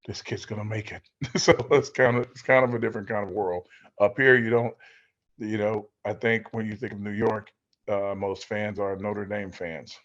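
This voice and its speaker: Lower-voiced man telling stories, muffled audio. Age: middle-aged. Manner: rambling, acts out quoted voices. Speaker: former football player, guest. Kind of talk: storytelling in a casual interview. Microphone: video call.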